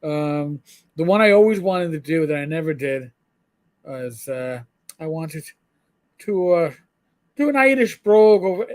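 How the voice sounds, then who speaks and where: A man's voice: fairly high pitch, animated, a little slow, long pauses. A middle-aged man co-hosting a live show, chatting casually in a rambling way, full of stammered restarts. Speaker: co-host.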